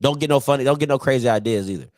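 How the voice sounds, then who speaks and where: A man, hosting a casual sports chat to camera, ranting and poking fun at old-timers with loud put-on voices. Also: medium pitch, rapid-fire, no echo, studio quality. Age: 30s. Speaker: show host.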